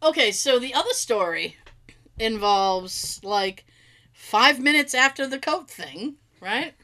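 A woman telling family stories in a casual chat, animated, swearing freely and laughing often. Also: on the high side, slow.

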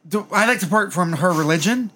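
A man's voice: high-pitched, expressive, fairly quick, sharp tone, a little hiss or hum. A man hosting a podcast in casual chat, rambling through a story with frequent restarts. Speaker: podcast host.

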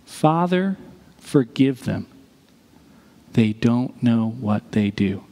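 A man voicing a calm, devout six-year-old girl who answers quietly and simply. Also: mid-range voice, drawn-out words, long reverb tail, pitched below the performer's own voice.

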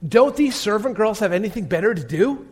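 High-voiced guy preaching, dramatic storyteller, goes quiet a lot, asks the room questions. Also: animated, a little fast, slightly rough. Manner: dramatic storytelling, dropping to hushed tones; asks the listeners direct questions. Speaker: pastor. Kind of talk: sermon.

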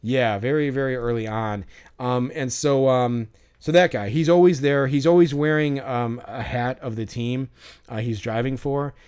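A man's voice: mid-range voice, normal speed, darkish tone, smooth. A man co-hosting a podcast, telling a story in a rambling casual way with lots of fillers and restarts. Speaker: podcast co-host.

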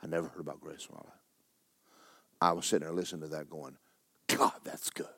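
A middle-aged man preaching a sermon in folksy storytelling, swinging from hushed tones to excited shouting. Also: rumbling low, quick pace, creaky, no echo.

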